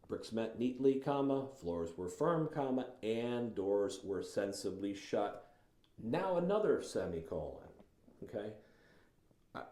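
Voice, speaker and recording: A man with a low, mellow voice gives a writing lesson, lingering over words and reading passages slowly with care. He talks in a loose, thoughtful way with small restarts. The sound is roomy, with a noticeable echo. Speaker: writing instructor. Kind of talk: teaching lecture with read-aloud passages.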